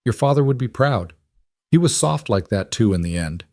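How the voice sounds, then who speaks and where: A man's voice: medium pitch, expressive, normal speed, a little mellow, no echo, clean studio sound, close to an everyday voice. A man reading the lines of a cold, calculating middle-aged uncle in a cool, matter-of-fact way.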